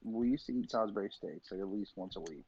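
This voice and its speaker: Young male guest, low raspy voice, muffled lo-fi audio, blunt. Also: fast talker, crowd noise. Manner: laid-back, blunt, curses casually. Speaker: podcast guest. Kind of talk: casual chat. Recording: dull lo-fi sound.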